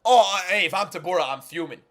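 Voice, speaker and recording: A man hosting a live fight watchalong, reacting with incredulous, repetitive exclamations that swing from low muttering to shouting. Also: animated, fast. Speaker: watchalong host.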